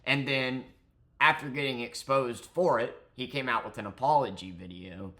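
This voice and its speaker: A man's voice: mid-range voice, moderate pace, a bit bright. A man ranting angrily in a commentary vlog, profane and mocking. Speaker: commentary vlogger.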